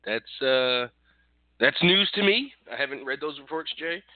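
A man's voice: mid-range voice, expressive, measured pace, dry recording. A man from the northeastern US co-hosting a wrestling podcast, rambling casually and laughing often as he tells a story. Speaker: podcast co-host. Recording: dry phone-like line.

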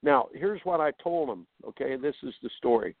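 An animated man coaches and tells stories, tripping over repeated words as he gets going. His voice is dry and close, pressed through a thin, phone-like line. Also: medium pitch, moderate pace, gravelly, no room sound. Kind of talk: casual storytelling.

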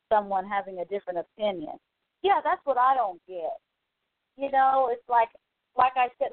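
A woman's voice: on the high side, dry recording. A woman hosting a call-in talk show, ranting casually with exasperated, profane repetition and reading listener comments aloud. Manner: exasperated, profane, repeats herself. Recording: tinny phone line, dry.

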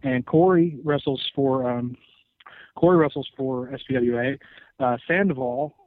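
A man in his twenties, a wrestler guest on a podcast, answering casually with many halting pauses. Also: mid-range voice, dry recording. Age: 20s. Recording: tinny phone-like sound.

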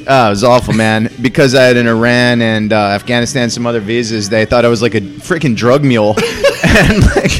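A man sits in a bar as a podcast guest, spinning travel stories with easy, casual profanity. His voice is mid-pitched and relaxed, and music plays in the background. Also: a little fast. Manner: laid-back storyteller, swears freely. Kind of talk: casual chat. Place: bar, next to restroom.

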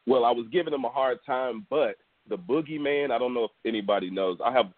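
A man in his thirties from Houston, Texas, co-hosting a podcast and telling a story in a relaxed, rambling way full of fillers. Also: medium pitch, quick pace, no echo. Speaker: podcast co-host. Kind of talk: casual storytelling chat. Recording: dry, tinny phone line.

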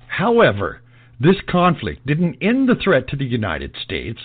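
A man's voice: medium pitch, huge pitch swings, measured pace, breathy edge. A man delivering an emphatic, repetitive monologue in a preachy lecturing style. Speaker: political commentator. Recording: tinny phone-like audio.

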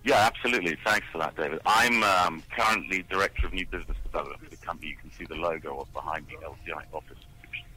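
A British man speaking as a sales director on a podcast from his office over a video call, lively and confident. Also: sits low, rapid-fire, few pauses, husky, rough recording. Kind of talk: interview answers.

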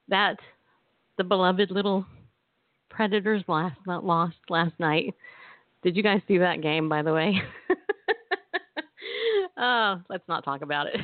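A woman's voice: on the low side, dry recording. Bubbly woman host on a tinny line. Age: 40s. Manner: bubbly, giggly, chatty. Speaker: radio show host. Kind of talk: casual chat. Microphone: phone or webcam on a live stream. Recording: tinny phone-like sound, dry.

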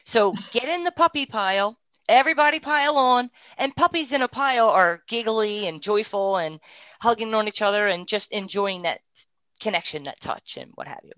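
A woman sharing a heartfelt personal testimony, moving between hushed, tearful moments and animated, laughing bursts. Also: medium pitch, moderate pace, no echo. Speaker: guest sharing a personal story. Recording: dry, dull lo-fi sound.

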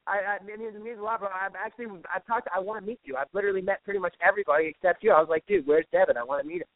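A man calling in as a guest to a casual chat, slangy and quick, saying bro and dude often. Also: high voice, steady tone, no room sound. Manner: fast, slangy, says "bro" and "dude" a lot. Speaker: guest caller. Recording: dry tinny phone line.

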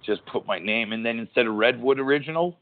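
Over tinny, phone-quality audio, a middle-aged ex-wrestler hosting a podcast talks fast at a medium pitch. It's loose, rambling chat laced with profanity and frequent restarted sentences.

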